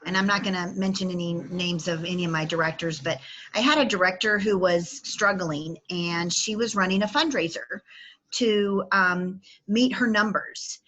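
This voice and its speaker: A woman tells an earnest story on a group video call. Her voice is bright and sharp. She sounds a little emotional as she speaks. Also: on the low side, normal speed, poor audio. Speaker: team leader sharing praise.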